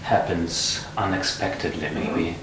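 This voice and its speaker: A man's voice: low voice, fairly even intonation, a little slow. A man joining a casual poem discussion with joking, offhand remarks. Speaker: discussion participant. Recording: echoey room, distant mic, crowd noise.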